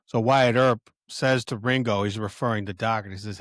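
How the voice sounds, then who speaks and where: A male podcast host casually retelling a film scene in a halting, self-correcting way, with lots of fillers. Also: lowish voice, fairly even intonation, fairly bright tone, no echo, studio quality. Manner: chatty and conversational.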